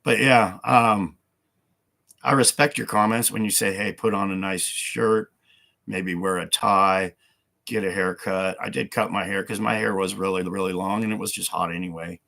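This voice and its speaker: A man's voice: sits low, fairly even intonation, normal speed, creaky, bright, forceful tone. A man hosting a casual livestream from home, talking in a rambling, repetitive way full of fillers. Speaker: livestream host.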